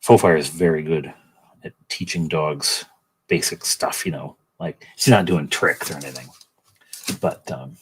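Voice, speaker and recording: A man's voice: a bass voice, unhurried, breathy edge. A middle-aged man hosting a livestream, painting miniatures and chatting in a rambling way while greeting viewers by name. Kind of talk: casual livestream chat.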